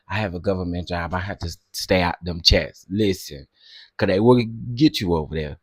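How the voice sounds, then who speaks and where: A man hosting a casual livestream, talking to his chat in an animated way and laughing often. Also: low-pitched, normal speed, dry recording, clean studio sound. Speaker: livestream host.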